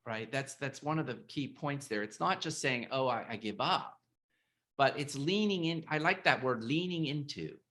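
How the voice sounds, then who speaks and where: A host talking in a casual interview over a video call, halting and repeating words, emotional and animated. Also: medium pitch. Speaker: podcast host and author.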